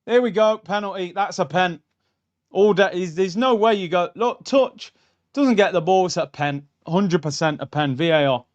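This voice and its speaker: A young man hosting a live football watchalong, reacting bluntly and excitedly to the match. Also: high voice, normal speed, lo-fi sound.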